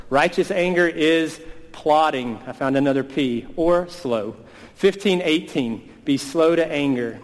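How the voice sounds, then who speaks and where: A man in his thirties delivering a sermon, earnest and deliberate, stretching out the words he wants to land. His voice rings out in a church hall with a long reverb trailing each phrase. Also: mid-range voice, a little mellow. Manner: earnest, slows down for emphasis on key words. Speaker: pastor.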